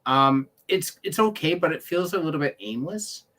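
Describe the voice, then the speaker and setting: A man co-hosting a casual pop culture chat, animated and laughing often. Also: a little high, normal speed.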